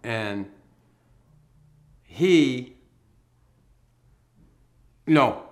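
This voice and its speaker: A man's voice: medium pitch, lively intonation, drawn-out words. A man, a former pro hockey player, telling his life story in a casual, blunt way, swearing freely and chuckling as he goes. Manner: blunt, profane, chuckles while telling stories.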